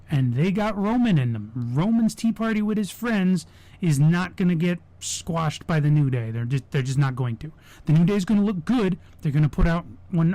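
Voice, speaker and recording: A man's voice: a little high, mellow, no echo. A young man hosting a podcast, giving opinionated, sarcastic wrestling predictions in casual chat with frequent restarts. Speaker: podcast host.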